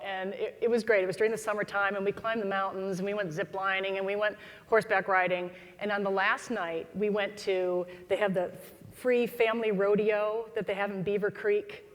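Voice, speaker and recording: Animated woman telling stories in a hall. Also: medium pitch. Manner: animated storyteller, acts out quoted voices. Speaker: keynote speaker. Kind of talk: storytelling talk to a live audience. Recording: long hall reverb.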